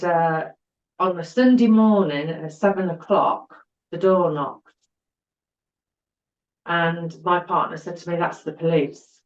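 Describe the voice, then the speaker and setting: Woman, earnest, in a roomy room. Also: fairly low pitch. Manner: earnest, repeats words for emphasis. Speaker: podcast guest. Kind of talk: personal storytelling interview. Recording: roomy, dull-sounding recording.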